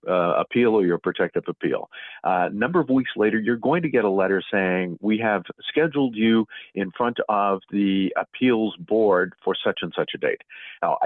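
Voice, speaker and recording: A middle-aged man on a phone call explains things in a measured, unhurried way, pausing on fillers. His voice sits a little low. The line is thin and tinny, with a dry sound. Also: no echo. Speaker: guest author on property assessment appeals. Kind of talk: radio talk show interview.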